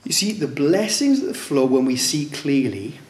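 A man preaching in a roomy church hall with clear reverb around his slightly high voice. He talks through the sermon casually, tossing rhetorical questions at the congregation. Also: big pitch swings, measured pace. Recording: echoey room.

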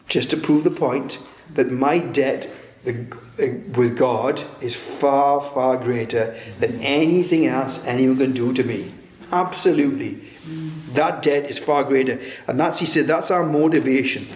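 A man's voice: medium pitch, a little slow, darkish tone. A man preaching a sermon in a conversational way, often turning points into rhetorical questions. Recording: roomy echo.

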